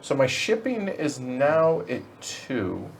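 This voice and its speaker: A man's voice: mid-range voice, sing-song, slow, vocal fry, slight background noise. A man hosting a board game stream, chatting casually and explaining the rules to the other players as they play. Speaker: host teaching and playing a board game. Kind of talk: casual game-table chat.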